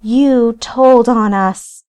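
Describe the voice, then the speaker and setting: A woman's voice: fairly high pitch, extremely slow, darkish tone, clear, resonant tone, voice pushed up. A woman voicing an eerie accusing ghost woman.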